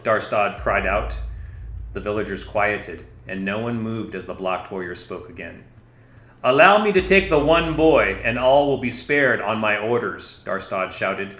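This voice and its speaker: Low-voiced male narrator, echoey room. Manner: steady, measured reading. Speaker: audiobook narrator. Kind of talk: scripted narration.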